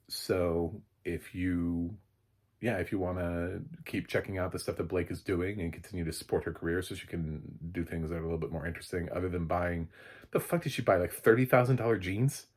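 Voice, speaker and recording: A man giving a rambling, blunt spoken movie review, swearing freely and breaking into loud laughs. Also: sits low, moderate pace, husky.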